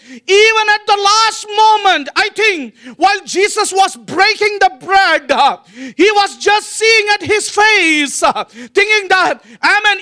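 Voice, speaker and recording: A man's voice: very high voice, sharp tone. A male pastor preaching a sermon earnestly, with frequent fillers and restarts.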